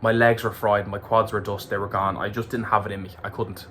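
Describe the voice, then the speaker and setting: A man's voice: lowish voice, flat delivery, brisk, sharp tone, slight background noise. An Irish man recapping a race to camera in a candid, emotional way, swearing freely. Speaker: ultramarathon runner vlogger.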